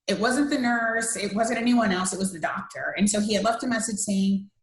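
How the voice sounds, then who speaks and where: A woman's voice: mid-range voice, a little fast. A woman in her thirties from the United States, earnestly telling a personal story as a podcast interview guest, with many fillers and restarts. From USA. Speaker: interview guest, cancer survivor. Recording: roomy echo.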